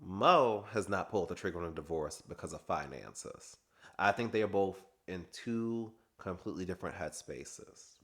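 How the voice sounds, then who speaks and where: A man's voice: sits low, animated, normal speed, fairly bright tone. A man chatting casually and gossiping through a reality TV recap, laughing often. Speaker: recap vlogger.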